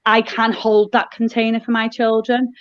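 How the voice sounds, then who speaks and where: Halting woman on dull call audio. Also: on the high side, flat delivery, dry recording. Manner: halting, many restarts, earnest. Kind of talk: casual chat.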